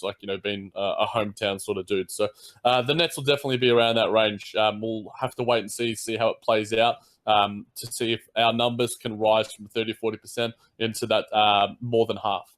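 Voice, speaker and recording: Give me an Australian man co-hosting a sports chat, rambling and full of filler words. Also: fairly low pitch. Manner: rambling, many fillers and restarts. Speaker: podcast co-host.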